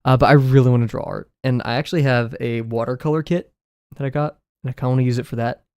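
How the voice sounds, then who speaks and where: An art livestreamer chats loosely and self-deprecatingly while drawing, using a desk mic with no camera, his voice slightly scratchy today. His mid-range voice is clear, resonant and a little mellow, with fairly even intonation and a quick pace. The sound is clean studio quality with no echo.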